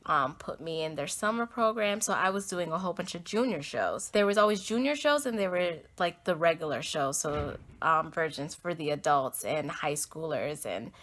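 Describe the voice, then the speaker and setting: A woman's voice: low voice, a bit bright. A young American woman hosting her own podcast, telling a heartfelt personal story in a rambling, earnest way full of "like" and "um". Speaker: podcast host.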